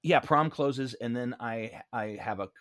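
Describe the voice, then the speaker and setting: A man's voice: measured pace, dry recording, studio quality. A Broadway actor being interviewed, telling stories casually and acting out quoted lines with big jumps in his voice. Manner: animated, acts out quotes with big pitch jumps.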